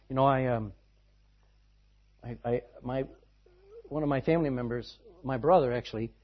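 Husky-voiced preacher man, lo-fi sound. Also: a little high. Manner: dramatic swings between loud and hushed. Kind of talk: sermon. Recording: dull lo-fi sound.

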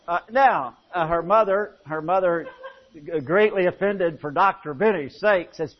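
A man's voice: sits high, animated, normal speed. A man preaching a sermon, telling folksy, humorous stories and often restarting his phrases. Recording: dull lo-fi recording.

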